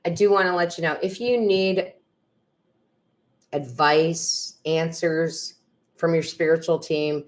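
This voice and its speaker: With a low, steady voice, this middle-aged woman talks slowly and pauses often as she chats on her live stream as a tarot reader and medium. She reads viewers' comments aloud, laughing and growing emotional along the way.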